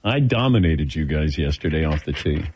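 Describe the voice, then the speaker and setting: A man's voice: extremely low pitch, moderate pace, husky. An older man hosting a sports talk show, telling stories casually and acting out the dialogue. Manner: animated, acts out quoted dialogue. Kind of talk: casual on-air storytelling.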